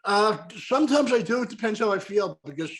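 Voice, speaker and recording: Sex: man. Role: host. Style: casual talk-show chat. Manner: rambling, tag questions. Pitch: high. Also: expressive, fairly quick. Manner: chatty, rambling, checks in with asides.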